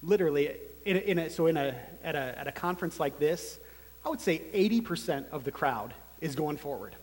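A man in his thirties giving a personal testimony sermon as a church planter, telling his story earnestly and haltingly. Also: fairly high pitch, expressive, darkish tone. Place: large meeting room. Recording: long hall reverb.

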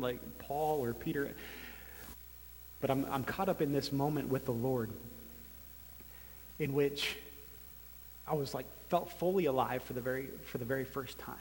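A man in his thirties delivers a testimony sermon in a large meeting room, his voice sitting at a medium pitch. He tells his story earnestly, pausing and restarting as he goes. A long reverb trails after his words through the hall. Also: a little mellow, slight background noise. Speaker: church planter giving testimony.

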